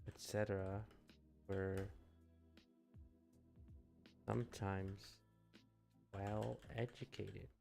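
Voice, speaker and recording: A male streamer chatting casually as he reads aloud, musing, offhand and full of deadpan jokes. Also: sits low, very slow, gravelly, long pauses, soft background music. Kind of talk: casual live-stream chat while reading aloud.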